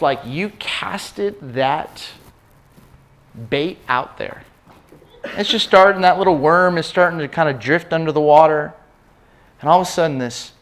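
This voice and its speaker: A man giving an animated, storytelling sermon talk, often repeating words as he starts sentences. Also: medium pitch. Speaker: speaker at a faith session.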